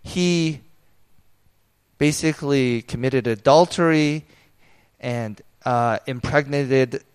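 A man's voice: mid-range voice, slow, clear, resonant tone. A pastor in his thirties preaching a sermon in a candid, conversational way, telling personal stories.

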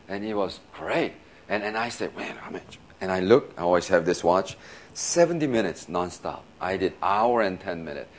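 A man with a fairly low voice preaches like he is chatting with friends, laughing easily and circling back over his words. A soft rumble sits faintly under the recording. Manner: casual, laughing often, many restarts and "you know". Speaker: pastor. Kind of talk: sermon storytelling.

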